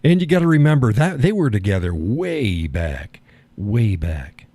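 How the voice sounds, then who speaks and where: Older male stream host, folksy and wry, mellow tone, dead-dry close sound. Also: on the low side, big pitch swings, a little slow, dry recording. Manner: folksy, sardonic, chuckling often. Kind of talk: casual political chat.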